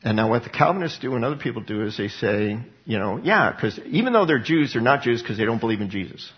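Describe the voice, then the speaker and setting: A man's voice: mid-range voice, animated, fast. A man preaching a sermon in an emphatic way, asking questions and answering them himself. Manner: emphatic, asks and answers his own questions. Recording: dull lo-fi recording.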